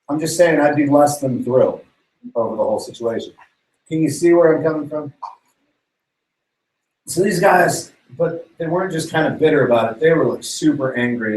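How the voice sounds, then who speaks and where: A man's voice: on the high side, echoey room, distant mic, low-quality recording. A man preaching to young people in a casual, slangy way, retelling a story and acting out its characters. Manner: slangy, playful, acts out characters' voices. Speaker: youth pastor.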